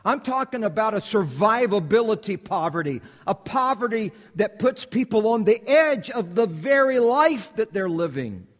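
A man preaching a sermon in a high, lively voice that climbs and falls as he drives each point home. He hammers on repeated phrases. His voice trails into the long reverb of a church hall. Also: normal speed, few pauses. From United States. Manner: emphatic, repetitive preaching cadence. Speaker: preacher, missionary.

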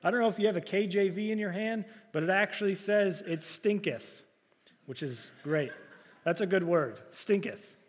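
A man's voice: high-pitched, moderate pace, long reverb tail. A man preaching a sermon, talking to the congregation in a conversational way with rhetorical questions. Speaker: pastor.

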